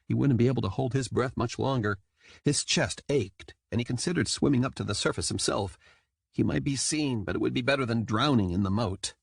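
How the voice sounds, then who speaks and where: A man reading an audiobook in scripted narration, lively and quick to slip into character voices. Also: mid-range voice, creaky, breathy edge, dry recording, studio quality.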